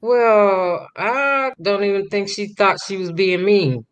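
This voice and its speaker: A woman co-hosting a casual chat, talking slowly and drawling her words. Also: medium pitch, clear, resonant tone, dull audio. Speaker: co-host.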